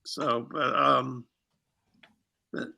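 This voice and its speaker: A man's voice: medium pitch, level tone, drawn-out words, vocal fry, pushed and bright. A man from the United States chatting on a livestream, rambling and hesitant, with many restarts. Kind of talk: casual livestream chat.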